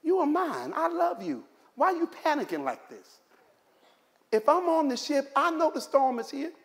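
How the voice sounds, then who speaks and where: A man voicing God reassuring frightened believers, softly rebuking and comforting them. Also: very high voice, huge pitch swings, moderate pace, big-room sound, voice pushed up, heavily acted. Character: calm, reassuring, loving God speaking to believers.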